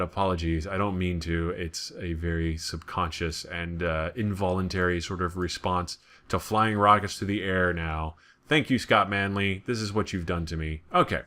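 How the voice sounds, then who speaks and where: An American let's play gamer with a General American accent gives rambling, casual commentary peppered with jokes. His voice sits low and has a sharp tone.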